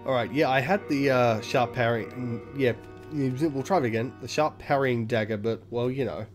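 A man's voice: mid-range voice, moderate pace. Profane, chatty let's play man. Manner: profane, self-mocking, chatty asides. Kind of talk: casual gameplay commentary. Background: game music.

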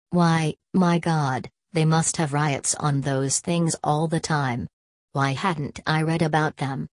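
A woman narrating a novel as an audiobook in a steady, measured reading. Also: low voice, dry recording.

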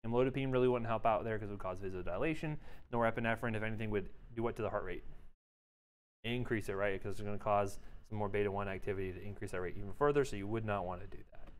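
A man giving an exam review lecture in a casual, joking way, quizzing his students. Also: fairly low pitch. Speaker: pharmacology lecturer.

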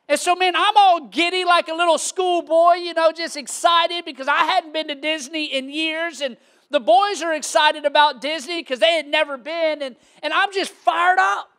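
A man, preaching a sermon as pastor with animated, shouting storytelling. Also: extremely high pitch, moderate pace.

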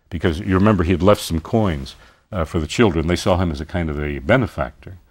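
Animated male literature lecturer. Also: low voice. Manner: animated and expressive, with rhetorical questions.

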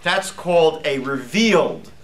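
A man teaching a live class as a rabbi, lively and chatty, posing questions to the group. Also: on the high side, a little slow. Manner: lively, asks the class questions, jokes lightly.

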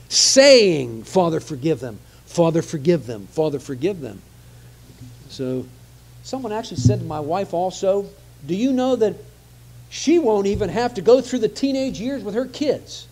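A man's voice: sits high, a little mellow. A man preaching a conversational sermon, often repeating phrases for emphasis.

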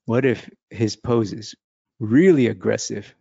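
Gravelly man chatting through a sketch. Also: fairly low pitch, unhurried, warm tone, dry recording, muffled recording. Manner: chatty, laughing, thinking aloud while sketching. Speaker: art instructor. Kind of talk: casual drawing lesson.

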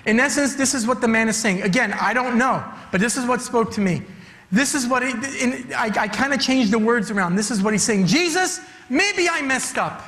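Man, sermon, high voice, emphatic, repeats phrases, long church reverb. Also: brisk, fairly bright tone. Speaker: youth director preaching. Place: church sanctuary.

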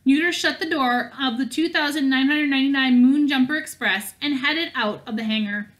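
A woman reading a novel aloud in a steady manner, with small slips and restarts along the way. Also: sits high, moderate pace. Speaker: audiobook reader.

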